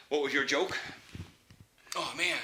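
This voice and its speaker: Young guy rambling to camera, very bright sharp voice, keeps restarting sentences. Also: fairly high pitch, fairly even intonation, takes it slowly, slight background noise. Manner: chatty, laughs often, restarts sentences. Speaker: football player vlogger. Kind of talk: casual rambling chat.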